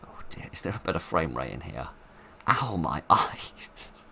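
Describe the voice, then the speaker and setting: A man's voice: a bass voice, sing-song, measured pace, bright, forceful tone, in a whisper. A man giving playful, wry let's play commentary with rambling asides as he plays a horror game. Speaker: gaming video host.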